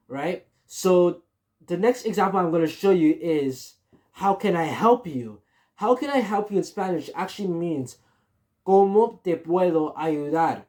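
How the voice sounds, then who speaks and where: A Spanish teacher giving a casual beginner lesson, repeating each example phrase slowly and often checking in with "right?". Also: medium pitch, a little mellow.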